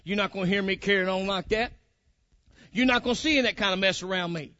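A man's voice: high-pitched, fairly quick, pushed and bright, no echo. A man preaching a sermon, fiery and colloquial, calling out to his congregation. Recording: muffled lo-fi recording.

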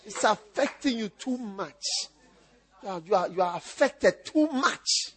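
A man preaching a sermon as pastor, teasing his listeners with repeated lines and breaking into shouts and laughter. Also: sits high, animated, measured pace, husky.

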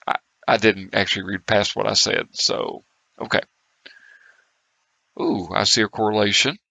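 A man with a gravelly, bright edge to his voice chats through a tabletop game. He laughs often and drops sentences halfway. The sound is close and dry. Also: on the low side, fairly even intonation, moderate pace, no room sound. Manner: chatty, laughs often, trails off mid-sentence. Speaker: player. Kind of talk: tabletop game play over voice chat.

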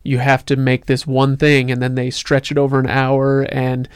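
Brief: male podcast co-host, mid pitch, chatty storyteller, close dry mic. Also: monotone, moderate pace, clear, resonant tone, no room sound. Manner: rambling storyteller with restarts. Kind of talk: casual chat.

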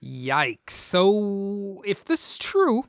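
Male podcast host, fairly high, smooth voice, casual true-crime narration. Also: extremely slow. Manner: relaxed, laughs often, chatty narration.

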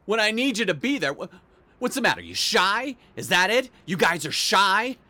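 Man playing a paranoid insomniac in a radio play, wildly swinging pitch, bright forceful voice, mutters then yells. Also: big pitch swings, normal speed, full character voice. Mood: taunting. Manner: swings between muttering and yelling. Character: sleepless, paranoid man obsessed with noises in the walls. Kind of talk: audio drama monologue.

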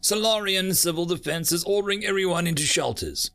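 A man voicing a grim, practical human space captain who briefs in a brisk tone. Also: high voice, a bit bright, soft background music, voice pushed up.

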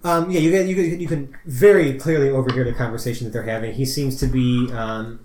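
A man's voice: medium pitch, steady tone, fairly quick, a little mellow. Rambling man game master, roomy echo. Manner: rambling, filler-heavy, laughing. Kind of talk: narrating a tabletop game. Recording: roomy echo, faint noise.

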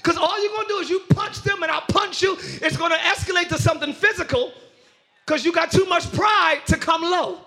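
A man with a very high, bright voice preaches to a church congregation. He shouts and half-sings his points, then acts out arguments in quick voices. His tone is forceful and ringing. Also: vocal fry. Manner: preaching with shouts and sung rises. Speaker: pastor. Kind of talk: sermon. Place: church before a live congregation.

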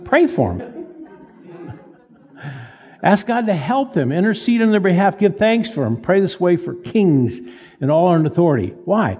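Older male pastor, folksy and halting, warm mellow voice, a bit husky, long hall reverb. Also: on the high side, sing-song. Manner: folksy, halting restarts, self-deprecating humor. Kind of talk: sermon.

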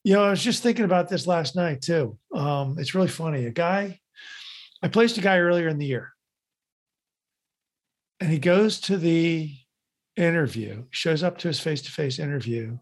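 A man with a gravelly, husky, slightly high voice guests on a casual podcast. He tells stories by playing out each exchange, switching between himself and the people he met. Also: animated, moderate pace, long pauses. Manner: acts out both sides of the dialogue in his stories.

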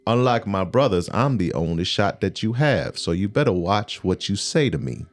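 A man playing a tabletop game in character, speaking in a slow, coaxing, quietly menacing way. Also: lowish voice, very animated. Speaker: player. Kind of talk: in-character tabletop role-play.

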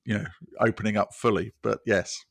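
A man's voice: lowish voice, fairly even intonation, brisk, vocal fry, dry recording. A British man talking as a technology guest, explaining scenarios step by step in casual conversation. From Britain. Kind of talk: casual interview chat.

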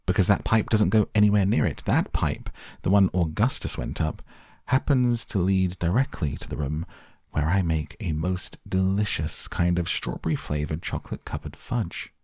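A man's voice: deep voice, expressive, normal speed, warm tone, husky, no echo, studio quality, exaggerated voice. A man voicing a giggling, eccentric chocolate maker with an airy, soothing manner. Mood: breezy.

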